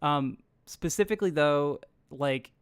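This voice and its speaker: A man hosting a casual interview, relaxed and a little rambling, joking about his own sidetracking. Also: a little high, measured pace, clear, resonant tone, no echo. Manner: relaxed, rambling, self-deprecating. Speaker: host.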